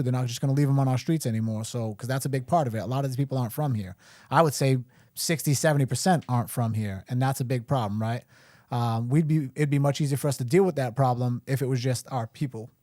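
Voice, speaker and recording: A man's voice: medium pitch, warm tone, no room sound, clean studio sound. A middle-aged man running for mayor, answering a caller bluntly and firmly on a live show. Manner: blunt, firm, indignant. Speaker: mayoral candidate, guest.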